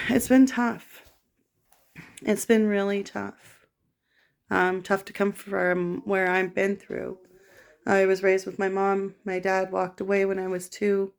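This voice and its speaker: A middle-aged woman from Canada in an emotional personal monologue, rambling, raw and halting. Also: mid-range voice, little pitch movement, creaky. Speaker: vlogger.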